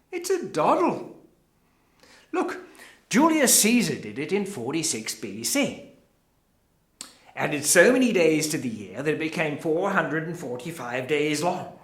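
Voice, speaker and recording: In a roomy, echoey recording, a male actor with a slightly high voice and an Australian accent performs a theatre monologue. He plays a showy, evasive middle-aged crusade leader who chats directly to the audience.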